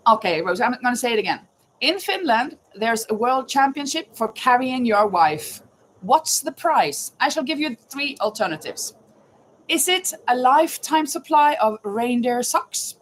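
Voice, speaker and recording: A woman's voice: fairly high pitch, sing-song, moderate pace, slight background noise, low-quality recording. A woman hosting a casual live chat, reading trivia questions aloud and greeting viewers by name. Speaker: livestream host running a trivia quiz.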